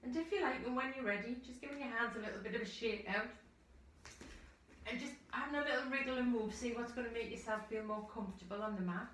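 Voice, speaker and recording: A woman yoga teacher from the United Kingdom, guiding a class through slow, soothing breathing cues and audible sighing breaths. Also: on the high side, a bit bright, slight background noise. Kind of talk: guided yoga instruction. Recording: echoey room, voice from far off the mic.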